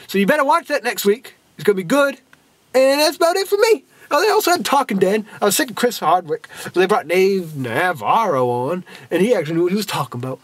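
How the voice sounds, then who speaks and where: High, husky man rambling in third person. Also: animated, fairly quick, no echo. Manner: calls himself by a nickname in the third person; goofy, folksy, addresses the fans. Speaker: episode reviewer. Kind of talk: casual rambling review.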